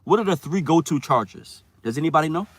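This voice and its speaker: A man's voice: a little high, lively intonation, brisk, husky, dry recording. A man talking casually to his live viewers, rambling, restarting words and checking in with "right?" again and again. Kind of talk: casual livestream chat.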